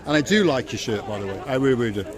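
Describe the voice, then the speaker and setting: A man's voice: medium pitch, animated, very fast. A man hosting a vlog, bantering and teasing passers-by outdoors on a harbour promenade in the evening. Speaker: vlog host. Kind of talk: casual street chat with passers-by. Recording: crowd noise outdoors. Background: crowd chatter.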